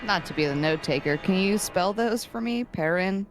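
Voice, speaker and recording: A woman playing a tabletop game, chatty with quick asides. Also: medium pitch, animated, background noise. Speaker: player. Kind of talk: casual tabletop play.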